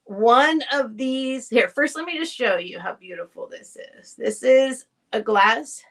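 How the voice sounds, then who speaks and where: Speaking at a fairly high pitch without hurrying, a woman hosts a home-based live stream to sell vintage items. Her casual sale chat goes directly to viewers, rambling with restarted sentences.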